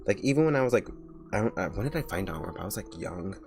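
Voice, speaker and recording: A man's voice: low-pitched, expressive, very fast, gravelly, over music. A young man streaming as a vtuber, chatting casually while he draws, rambling with lots of filler words and restarts.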